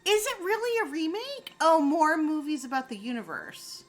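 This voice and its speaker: A woman in a casual live-stream chat, talking straight to her viewers in an animated way and swearing freely. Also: sits high, normal speed, faint music behind.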